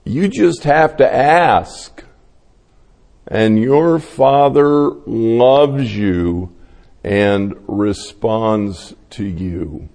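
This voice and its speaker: A male pastor gives a sermon at a deliberate, unhurried pace. He tells stories and acts out the voices of the people in them. His voice carries a long reverb from a large hall. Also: on the low side, creaky, a little mellow. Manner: slow, storytelling delivery acting out quoted voices.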